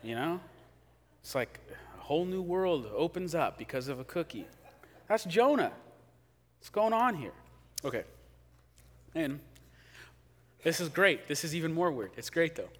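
A man preaches in a loose, conversational way and keeps slipping into acted-out quotes. His voice sits a touch high. A long hall reverb hangs after his words. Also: unhurried, pauses often. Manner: conversational, animated, acts out quotes. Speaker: pastor. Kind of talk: sermon.

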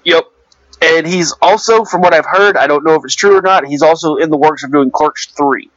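A relaxed man in casual podcast chat, giving his opinions and leaning on fillers. His voice is a touch high. The sound is dry and a little dull. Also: a little fast, dry recording. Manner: laid-back, filler-heavy, offers opinions. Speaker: podcast co-host.

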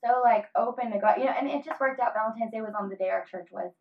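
A woman in her thirties talking earnestly about family and faith in a casual conversation, with many fillers and pauses. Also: a little high. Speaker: guest. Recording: slightly dull lo-fi audio.

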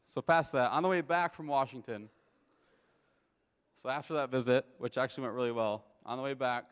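Young male speaker, twenties, mid-pitched, relaxed testimony storytelling, long hall reverb. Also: brisk. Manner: conversational storytelling, checks in with listeners. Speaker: speaker giving a personal testimony. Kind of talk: personal testimony talk to an audience.

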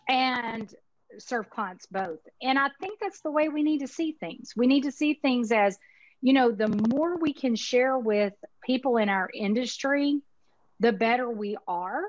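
A woman's voice: on the high side, a little slow, lo-fi sound. A woman in her fifties with a Texas accent, talking in a folksy, emphatic, chatty way as a guest in a casual interview. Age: 50s. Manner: folksy, chatty, emphatic, uses Southern expressions. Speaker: insurance marketing organization owner, guest.

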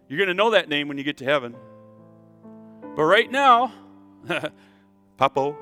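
A pastor preaching a sermon at a church service, animated and calling on the congregation to answer back. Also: male voice, fairly high pitch. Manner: animated preacher, leads the congregation in call-and-response.

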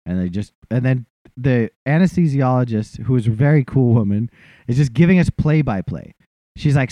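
Casual male storyteller, self-mocking, lively pitch, dry and slightly dull recording. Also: moderate pace, no room sound. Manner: self-deprecating, acts out other people's lines. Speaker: guest telling a story.

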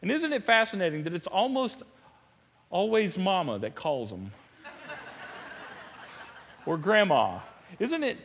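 Animated pastor in a reverberant sanctuary. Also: male voice, high voice, unhurried, pauses often, a little hiss or hum. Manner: animated, emphatic, laughs and repeats himself. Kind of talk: sermon. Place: church sanctuary.

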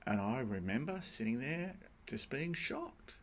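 A man preaches a sermon in a church, his voice swinging widely between soft, reflective asides and loud, emphatic peaks. He slows down to stress key words and talks directly to the congregation. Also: mid-range voice. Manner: animated, rising to emphatic peaks with pauses. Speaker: pastor.

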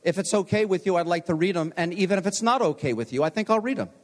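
A man's voice: sits high, lively intonation, fast. A man in his sixties, a pastor giving a homecoming chapel sermon, telling stories with self-deprecating humor. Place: large chapel. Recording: long hall reverb.

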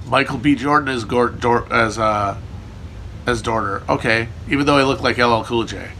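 Bright-voiced irreverent male streamer. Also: medium pitch, moderate pace, a little hiss or hum. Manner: irreverent, profane, riffing, jokey. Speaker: livestream host answering chat. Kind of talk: casual rambling chat.

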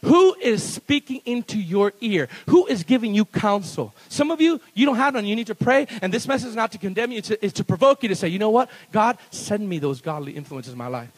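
A man preaching a sermon as pastor at a church service, animated and playful, breaking into laughs between bold declarations. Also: high voice, a little fast, few pauses, poor audio.

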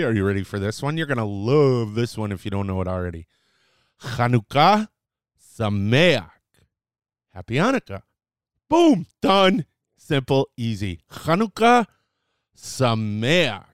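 A man hosts a casual podcast lesson, teaching a few Hebrew words in a playful, chatty manner full of fillers and self-corrections. His mid-range voice is smooth, with no echo and studio-quality sound.

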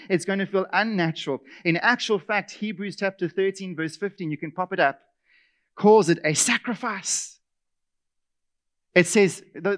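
High bright-voiced male preacher. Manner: animated preaching, acts out whiny complaining voices. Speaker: pastor. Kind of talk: sermon.

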